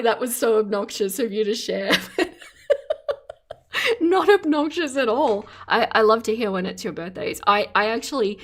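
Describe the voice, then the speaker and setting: A woman's voice: on the high side, lively intonation, moderate pace. A woman hosting a live reaction stream, chatting casually, giggling often and reading out her chat as she comments on a video. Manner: giggly, laughs often, reads chat aloud; playful teasing commentary.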